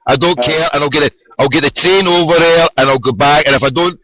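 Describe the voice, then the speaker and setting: Sweary, excitable Scottish man. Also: a little high, quick pace, low-quality recording. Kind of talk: casual football fan chat.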